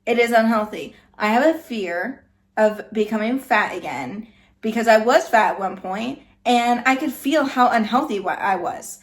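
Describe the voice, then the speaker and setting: A woman with a slightly high voice talks straight to her viewers in a loose, chatty reaction style. She is blunt and opinionated, with no polish or script. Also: expressive, moderate pace. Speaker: reaction video host. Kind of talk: casual reaction commentary.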